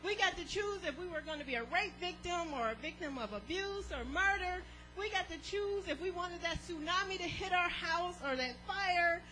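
A woman preaching a sermon in an animated way, laughing often and drawing the congregation into call and response. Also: very high voice, normal speed, few pauses, slight background noise, poor audio.

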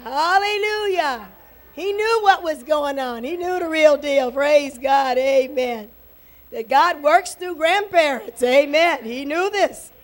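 High-voiced fervent woman preacher. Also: takes it slowly. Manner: fervent, punctuated with repeated amens and praises. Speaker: pastor. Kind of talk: sermon. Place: church service.

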